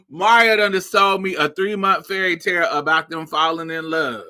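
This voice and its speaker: A woman's voice: lowish voice, normal speed, few pauses. A woman from Indiana hosting her show, telling a personal story in a storytime monologue, acting out the people in it and laughing often. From Indiana, USA. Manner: animated, acts out every voice in the story. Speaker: podcast host.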